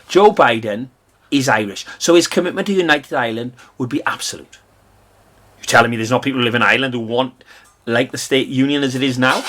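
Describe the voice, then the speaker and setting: Husky, scornful British man ranting. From Britain. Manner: scornful and combative, swings between loud outbursts and low mutters. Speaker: political commentator. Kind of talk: angry political rant.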